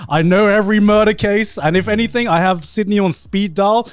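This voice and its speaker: A man's voice: high voice, a little fast, clean tone, no room sound. A man co-hosting a podcast, chatting casually and chuckling as he tells stories. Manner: laid-back, chuckling storyteller. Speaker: podcast co-host. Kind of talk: casual group chat.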